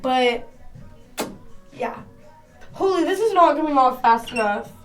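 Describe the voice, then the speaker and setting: Young woman vlogger, high-pitched, casual slangy storyteller, phone mic, soft music behind. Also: animated, measured pace. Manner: chatty, slangy, rambling. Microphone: phone camera.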